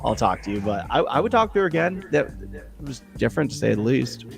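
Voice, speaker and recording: A man co-hosting a podcast, telling a story in a rambling, profane, animated way, from New England. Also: mid-range voice, fast, vocal fry, soft background music. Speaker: podcast co-host. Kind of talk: casual storytelling chat.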